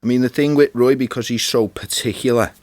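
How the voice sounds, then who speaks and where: A man's voice: medium pitch, steady tone, a little fast, a little mellow, no room sound. A man with a Liverpool Scouse accent, talking casually as a podcast guest, laid-back and often trailing off. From Liverpool, England. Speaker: podcast guest, spoken word performer. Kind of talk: casual chat. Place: recording studio.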